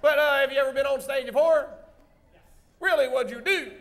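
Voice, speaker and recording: A man hosting a live stage comedy show, folksy and teasing, loudly acting out bits for the audience. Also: very high voice, fairly quick. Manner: loud, folksy, teasing, acts out bits for the crowd. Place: stage of a large indoor comedy theater. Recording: live venue with band music and crowd noise.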